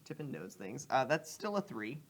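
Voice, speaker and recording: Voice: mid-range voice, sing-song, moderate pace. Casual tabletop game player, giggly. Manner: casual, laughs between lines.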